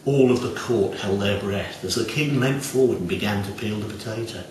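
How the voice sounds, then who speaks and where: A man telling a folk tale in an expressive, dramatic way. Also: on the low side, normal speed, few pauses, slight background noise. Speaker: storyteller. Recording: very echoey room, distant mic.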